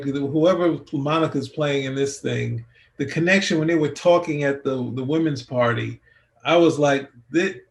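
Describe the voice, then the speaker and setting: A man's voice: mid-range voice, slight background noise. A man co-hosting a casual review chat, rambling with many restarts as he thinks aloud. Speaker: podcast co-host.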